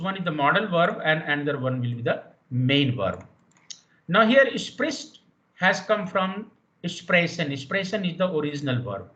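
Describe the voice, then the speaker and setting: A man's voice: sits high, bright, forceful tone, lo-fi sound. A man teaching a university language lecture online, explaining rules patiently and repeating the key points.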